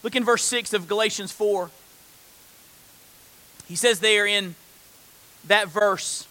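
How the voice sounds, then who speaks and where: High, bright-voiced earnest preacher. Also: male voice, expressive, slow pace, pauses often. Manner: earnest, climbs to loud emphatic peaks. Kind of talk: sermon.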